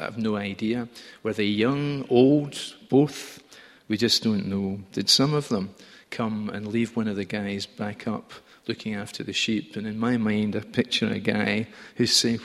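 A man preaching a sermon in a church, in a chatty, gently humorous storytelling manner. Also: lowish voice, in a large hall.

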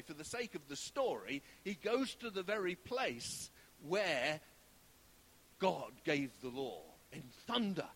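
A man preaches with a high, lively voice that climbs and falls as he tells the story. He sometimes sinks to a hushed whisper for effect. A faint hiss sits under the recording. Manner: animated storytelling, drops to a hushed whisper for God's voice. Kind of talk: sermon.

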